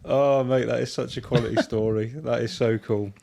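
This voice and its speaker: A man's voice: medium pitch, steady tone, moderate pace, creaky, darkish tone. Enthusiastic man in podcast chat. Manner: enthusiastic, coaxing. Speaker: podcast host. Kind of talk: casual chat.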